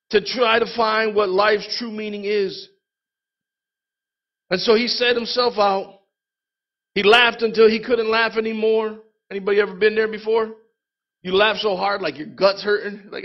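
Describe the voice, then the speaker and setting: High-voiced lively preaching man. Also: a little slow, pauses often, muffled recording. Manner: lively, conversational preaching with congregation call-outs. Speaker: pastor. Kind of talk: sermon.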